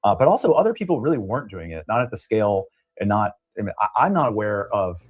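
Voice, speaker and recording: Quick-talking low-voiced man. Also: sing-song, breathy edge. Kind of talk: casual livestream discussion.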